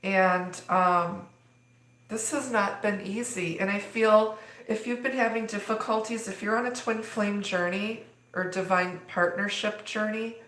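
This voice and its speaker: A woman's voice: mid-range voice, fairly even intonation, a little slow, a bit bright. A woman giving a live tarot reading, talking in a rambling way with many fillers. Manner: rambling, filler-heavy delivery. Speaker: tarot reader. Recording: echoey room.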